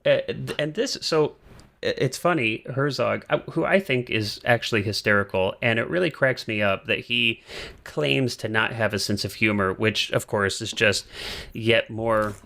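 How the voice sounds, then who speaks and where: Give me an enthusiastic man co-hosting a podcast, bright tone, rambling with restarts. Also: on the low side, moderate pace, vocal fry. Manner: enthusiastic, chatty with many restarts. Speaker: podcast co-host, filmmaker. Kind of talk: casual chat.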